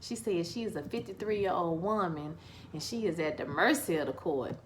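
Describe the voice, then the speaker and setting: A young woman giving a casual, slangy review of a TV episode, loud and animated, now and then breaking into song. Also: lowish voice, moderate pace, a little hiss or hum.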